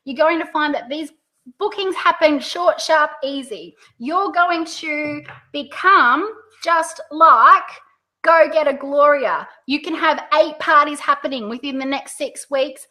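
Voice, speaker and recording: Aussie lady teaching sales on camera, high bright voice, swings pitch up n down. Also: measured pace. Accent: Australian. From Australia. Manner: upbeat, coaching, exaggerates rising and falling pitch. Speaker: direct sales coach. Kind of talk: video tutorial.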